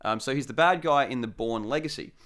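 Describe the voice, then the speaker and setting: Young Aussie male co-host, animated storyteller, laughs a lot. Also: medium pitch, brisk. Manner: animated, laughs often while telling stories. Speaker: podcast co-host telling stories. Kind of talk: casual storytelling chat.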